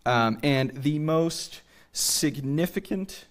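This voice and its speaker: A man's voice: a little high, lively intonation, extremely slow. A man from the Greater Boston area giving a public history lecture on a theater stage, explaining step by step and often checking in with "right?".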